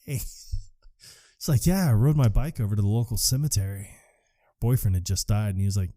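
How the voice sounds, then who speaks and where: A man co-hosting a casual movie podcast, recapping scenes in a low, mellow voice. He keeps breaking into lively impressions of the characters. The close mic sounds dry and free of room echo. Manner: acts out movie lines in quick impressions, laughs often. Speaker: podcast co-host.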